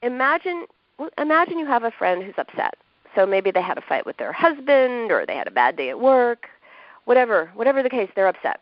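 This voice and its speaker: A woman's voice: on the high side, sing-song, moderate pace, no room sound. A woman who is a doctor and author, explaining ideas as a podcast guest, acting out what people say. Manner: warm, explanatory, acts out quoted speech with laughs. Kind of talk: advice in a podcast interview. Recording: dull lo-fi sound.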